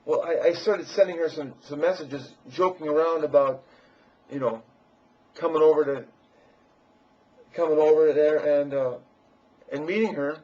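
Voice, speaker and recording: A man's voice: on the high side, normal speed. A man in a crude, boastful, meandering personal monologue, recorded lo-fi and muffled.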